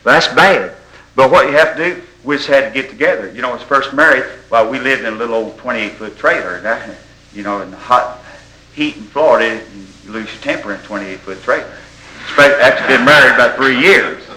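A man preaching a sermon, telling folksy stories and rising into loud exhortation. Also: mid-range voice, fast, poor audio.

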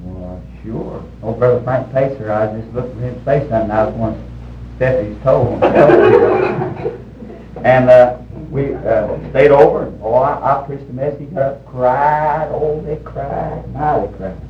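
A man preaching a sermon in a folksy storytelling way, with sudden shouted bursts when he quotes people. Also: medium pitch, fairly even intonation, normal speed. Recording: roomy, distant, dull old recording with faint hiss.

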